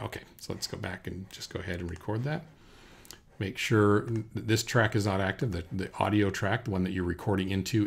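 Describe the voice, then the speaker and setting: A man teaching a software recording lesson at his computer, talking through each step in a relaxed way with fillers, into a desk microphone indoors. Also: low-pitched, creaky, slightly rough. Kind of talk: screen-recorded software tutorial. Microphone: USB desk microphone.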